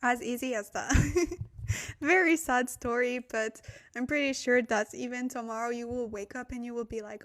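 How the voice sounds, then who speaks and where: A woman's voice: a little high, moderate pace, a bit bright. A young woman hosting a casual livestream Korean lesson, chatty and laughing often as she reads out viewer comments. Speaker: Korean language teacher and livestream host.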